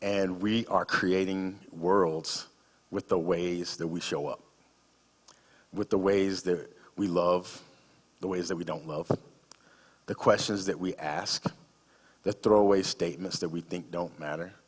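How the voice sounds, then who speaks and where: A man's voice: sits low, steady tone, unhurried, long pauses, husky, big-room sound. A man in his fifties, a guest speaker giving a sermon in a conversational, humorous storytelling manner.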